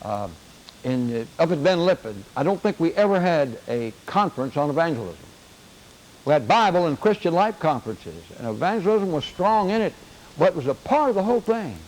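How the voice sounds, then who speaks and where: A man's voice: fairly high pitch, very animated, brisk, a little mellow, low-quality recording. Older man teaching a Bible class. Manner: earnest, repeats key phrases for emphasis.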